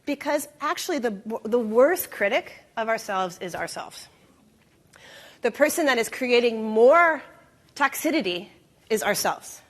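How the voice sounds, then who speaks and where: A woman speaking to an audience from an event stage, with a somewhat higher-pitched voice. She is animated, slips into quick acted-out voices and puts questions to the room. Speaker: expo speaker. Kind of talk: live presentation talk.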